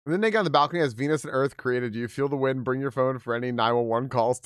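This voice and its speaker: A man's voice: mid-range voice, fast talker, clean tone, dry recording. Guy streamer rambling thru comments, laughs a lot, swears, dead dry mic. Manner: laughing, profane, rambling with restarts. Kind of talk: casual chat reading comments.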